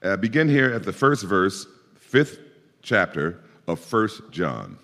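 Male pastor, emphatic exhorting sermon voice, very animated, recorded in an echoing church. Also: lowish voice, takes it slowly, gravelly. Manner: emphatic, rising to forceful exhortation. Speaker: preacher.

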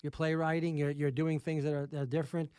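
A fairly high-voiced man hosting a talk radio interview, recorded dry and close in the studio. He talks in a halting way and restarts phrases as he goes. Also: flat delivery, darkish tone, clean tone, dry recording. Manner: halting, repeats words while searching. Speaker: radio talk show host.

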